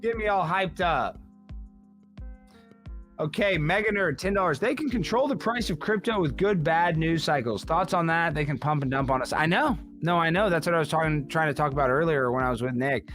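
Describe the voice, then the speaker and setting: A brash man hosting a casual livestream, reading viewer messages and breaking into sudden yelling outbursts. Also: a little high, animated, moderate pace, soft background music. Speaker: livestream host.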